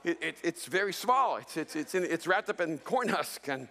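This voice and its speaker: A man from El Salvador preaching a sermon as a pastor, telling funny stories in an animated way. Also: a little high, moderate pace, in a large hall, noisy background. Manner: animated storytelling with jokes.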